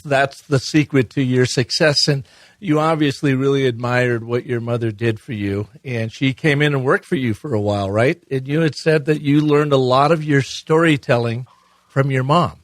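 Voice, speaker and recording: A man hosting a podcast interview, asking questions in a slow, measured, affirming way. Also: medium pitch, no room sound. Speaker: podcast host.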